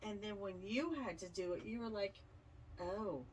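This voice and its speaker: A woman's voice: medium pitch, a little fast, a little mellow, recorded from a distance, slight background noise, low-quality recording. A woman co-hosting a casual podcast, teasing her partner and cutting in with quips. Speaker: podcast co-host. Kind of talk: casual chat.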